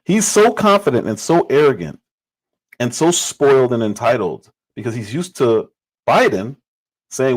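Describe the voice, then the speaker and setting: A man hosts a livestream and talks through political commentary in a casual, off-the-cuff way. His pitch swings widely, rising high and dropping low as he presses a point. He leans on repetition to drive things home. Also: sing-song, unhurried, poor audio. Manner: emphatic, repeats phrases for stress.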